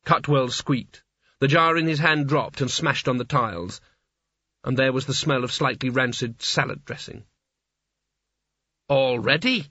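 A man reading a story aloud as narrator in an even storytelling manner. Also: mid-range voice, normal speed, breathy edge, no room sound, highs cut off. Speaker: audiobook narrator. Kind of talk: scripted narration.

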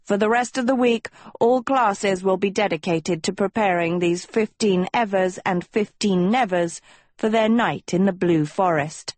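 A woman's voice: mid-range voice, measured pace, a little mellow, no echo, lightly acted. A woman voicing a pompous talking dog who reads out school rules in a formal, lecturing way. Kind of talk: audiobook character voice.

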